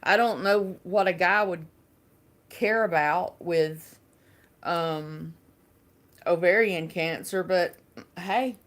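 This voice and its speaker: A woman's voice: on the low side, slow, pauses often. A woman from Alabama with a Southern accent, chatting casually and rambling on a live stream, laughing often. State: unwell.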